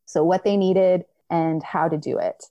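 A young woman recounts a personal story in an easy, chatty way, with lots of "like" fillers. Her voice sits a little low and sounds mellow and warm. The sound is dry and close. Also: measured pace, no room sound, lo-fi sound. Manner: animated retelling, acting out quoted people, many filler likes.

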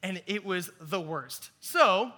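A young man with a high, very bright voice preaches to a youth group. He tells his story with animated, self-mocking energy and returns to his teaching points. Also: takes it slowly. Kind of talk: youth sermon with personal story.

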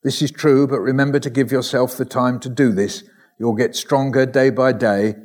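A man at an ordinary mid pitch reads a string of short letters aloud at a steady, measured pace. Now and then he breaks off with a dry aside or a quiet laugh. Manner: measured reading with wry asides and soft laughs. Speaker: recovered patient reading his ICU diary.

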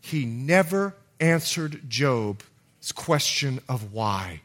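Dramatic, high-voiced male preacher. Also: very animated, slow pace. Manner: dramatic preacher, swings from loud calls to hushed low lines. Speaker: pastor. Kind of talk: sermon. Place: church.

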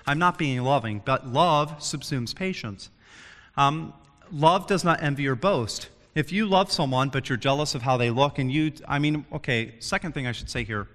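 A man's voice: mid-range voice, moderate pace, big-room sound. A young man preaching a casual sermon to students, telling stories and acting out quotes. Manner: animated storytelling, acts out quotes. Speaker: youth preacher.

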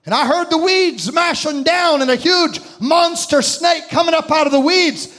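A man delivers a sermon, recounting a vision in a high, ringing voice that climbs into impassioned shouts, then stretches other phrases out slowly.

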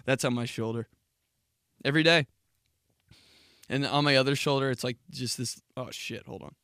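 A man's voice: mid-range voice, steady tone, moderate pace, fairly bright tone, dry recording, clean studio sound. A man hosting a podcast and telling crude, rambling comic stories in a casual monologue. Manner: crude, rambling, jokey storytelling. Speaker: podcast host.

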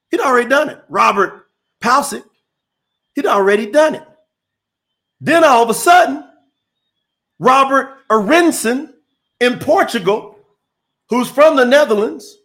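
A man preaching on a livestream, his voice riding high for a man. He speaks. He is fervent and repetitive, circling back on the same phrases again and again. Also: a bit bright. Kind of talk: livestreamed sermon.

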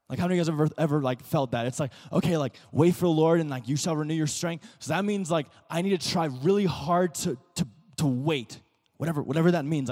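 A man's voice: a little high, animated, moderate pace, darkish tone. A man preaching a sermon as pastor, in a loose conversational way full of fillers and restarts, leading the congregation in call-and-response. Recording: long hall reverb.

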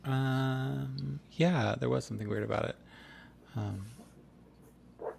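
A man's voice: medium pitch, steady tone, slow, creaky, pauses often, a little mellow, a little hiss or hum. A man acting as game master, narrating a tabletop game over an online call and asking players questions with frequent restarts. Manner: hesitant, many restarts and questions.

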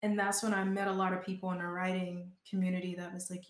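A woman's voice: on the low side, little pitch movement, fast. Southern woman, chatty, in an echoey room. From Georgia, US. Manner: chatty, frequent "like" fillers. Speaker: guest, performing artist and author. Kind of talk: casual interview talk.

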